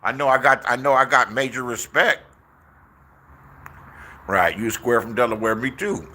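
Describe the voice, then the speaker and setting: Man, 60s, from Inglewood, bright piercing voice, casual profane storytelling, acts out the voices he quotes. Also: medium pitch, expressive, normal speed, a little hiss or hum. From Inglewood, Los Angeles, USA. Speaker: YouTuber. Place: outdoors.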